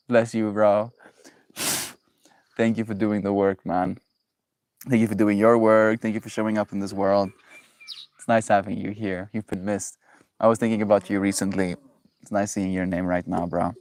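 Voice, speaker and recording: Brief: laid-back male streamer, rambling and warm to chat, lowish voice, dry close sound. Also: flat delivery, moderate pace, pauses often, no echo. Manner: rambling, loose, talks to chat, says bro. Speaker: livestream host. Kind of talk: casual livestream chat.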